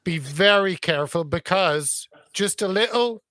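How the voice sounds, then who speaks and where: A man hosting a stream, briskly reading out viewer comments and chatting. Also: high-pitched, pushed and bright, dry recording. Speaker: stream host.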